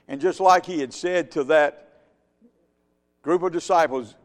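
A man preaches with emphatic force, his delivery swinging between loud peaks and hushed lines. His voice sits a little high. Long reverb from a large hall trails behind him. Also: a little slow. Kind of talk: sermon.

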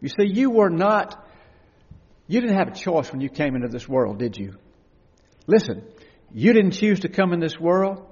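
A man preaching a sermon with passion, rising to loud cries and falling to hushed tones. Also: on the high side, sing-song, moderate pace, pauses often, breathy edge. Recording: dull, lo-fi recording with long hall reverb.

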